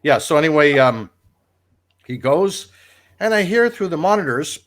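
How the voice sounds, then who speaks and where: On a livestream, a man who once worked as a radio producer recounts a long, rambling story at normal speed. His voice sits a little high, and he's animated throughout, laughing at his own tale.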